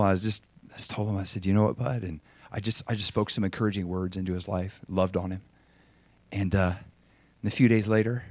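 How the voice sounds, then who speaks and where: Middle-aged guy pastor preaching, fired up then quiet, dry close sound. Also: lowish voice, no room sound. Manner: impassioned preaching that drops to soft storytelling. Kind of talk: sermon.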